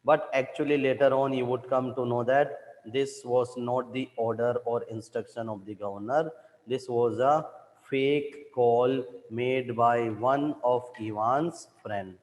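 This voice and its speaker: A male teacher. He explains a story in an online class, slowly and with repeated points. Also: medium pitch, steady tone, darkish tone, in a large hall, poor audio. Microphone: online live class.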